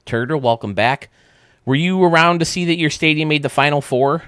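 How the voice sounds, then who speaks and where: A man's voice: on the high side, a little fast, fairly bright tone, clean tone, no room sound, clean studio sound. A man hosting a live stream, chatting casually and ranting bluntly, often restarting his sentences.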